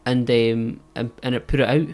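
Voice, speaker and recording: A young Scottish man co-hosting a podcast, telling stories in halting, sheepish casual chat with frequent swearing. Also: mid-range voice, steady tone, darkish tone. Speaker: podcast co-host.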